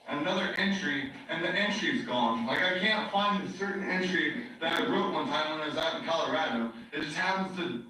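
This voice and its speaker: A man's voice: a little high, pushed and bright. A man in a rambling, agitated monologue, repeating himself with many fillers, heard as a recording played back in a courtroom. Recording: very echoey playback heard from far off.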